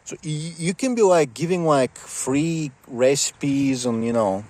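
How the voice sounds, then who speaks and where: A man's voice: a little high, animated, unhurried, a little mellow. A man ranting casually to the camera in a rambling, sarcastic, mocking way.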